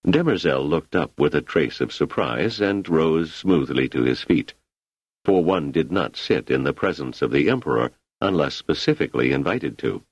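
A man narrating an audiobook in an expressive storytelling manner. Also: rumbling low, moderate pace, husky, no room sound. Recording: slightly muffled lo-fi recording.

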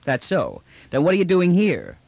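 A man's voice: high-pitched, wildly swooping pitch, normal speed, vocal fry, darkish tone, slightly rough, no echo, lo-fi sound, pitched above the performer's own voice, full character voice. A man narrating a story, voicing a bulky, brash space trader who talks bluntly in casual slang. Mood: pushy. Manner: blunt, wheedling street talk.

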